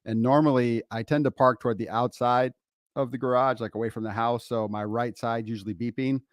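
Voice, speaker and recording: A middle-aged man co-hosting a podcast, telling a story in a casual, animated way and laughing often, recorded on a close mic. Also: mid-range voice, a little fast, no echo. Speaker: podcast co-host, father.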